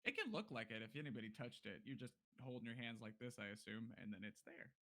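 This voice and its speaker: A man's voice: medium pitch, fast talker, a bit bright. A man narrating scenes as game master in a casual tabletop game, descriptive with loose fillers.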